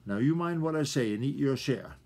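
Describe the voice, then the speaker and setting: A man's voice: medium pitch, lively intonation, fairly quick, husky. An old man voicing a wise old granny fox. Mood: gentle, firm. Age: older. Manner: soft and gentle, turning stern. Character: old, shrewd, hungry female fox, stern but tender.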